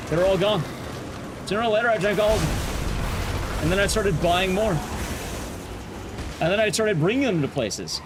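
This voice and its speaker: Animated man rambling a profane story. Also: high-pitched, moderate pace, pauses often, background noise. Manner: swears freely, rambling anecdotes. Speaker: streamer. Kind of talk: casual storytelling while speedrunning.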